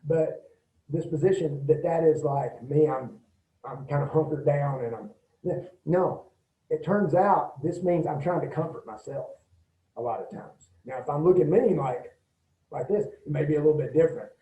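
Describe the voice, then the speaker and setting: A middle-aged man giving a casual, folksy self-defense talk to a group, often acting out quick quoted lines. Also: on the high side, dark tone. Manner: folksy, demonstrative, acts out quick quoted bits. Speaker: martial arts instructor. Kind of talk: casual safety talk to an audience. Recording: roomy, distant, dull lo-fi sound.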